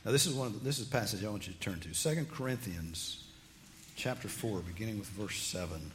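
A man's voice: on the low side, expressive, fast talker, slight background noise. A man preaching a sermon, reading scripture aloud and explaining it with rising emphasis. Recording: long hall reverb, faint ambience.

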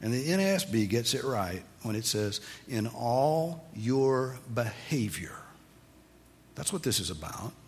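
Animated male preacher in a reverberant hall. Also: on the low side, fairly quick, hardly any pauses, a little hiss or hum. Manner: animated, rising to emphatic questions. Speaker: pastor. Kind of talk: sermon.

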